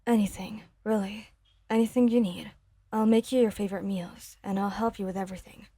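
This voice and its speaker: Woman playing an earnest guilty young guy, anxious, apologetic, breathy mellow voice. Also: mid-range voice, fairly even intonation, a little fast, dry recording. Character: earnest guilt-ridden young man, eager.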